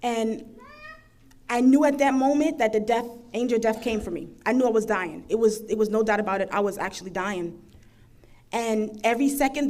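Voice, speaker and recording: A woman in her thirties from the United States gives a personal testimony as a panel speaker, earnest and emphatic, building to passionate intensity. Her voice is fairly high with a darkish tone.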